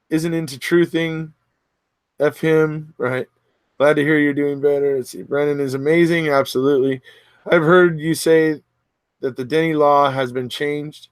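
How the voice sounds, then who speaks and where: A man's voice: on the high side, smooth, dry recording. A man hosting a casual livestream, reading viewer comments aloud and answering them in a chatty way. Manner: chatty, reads comments aloud and answers, frequent restarts and fillers.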